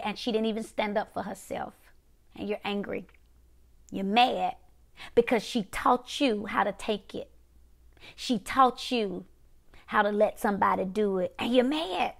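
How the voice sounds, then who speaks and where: A woman preaching, emphatic and repetitive, dropping to quiet one-word punches. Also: medium pitch, vocal fry. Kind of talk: prophetic preaching to a viewing audience.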